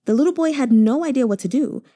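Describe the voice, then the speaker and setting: Brief: woman audiobook reader, mellow tone, very lively pitch, emotive. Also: quick pace. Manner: expressive, emotive reading. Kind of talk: expressive novel narration.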